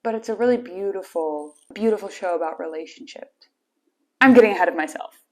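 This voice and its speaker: A woman's voice: medium pitch, fairly quick. A young woman from Wisconsin hosting her own small talk show, chatty and playfully teasing. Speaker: host. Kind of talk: casual solo talk show.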